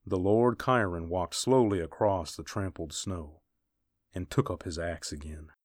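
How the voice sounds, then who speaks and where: A man with a notably low voice reads an adventure story in a measured, unhurried way. The delivery is a dramatic audiobook narration, and the recording is dry and close with no room echo.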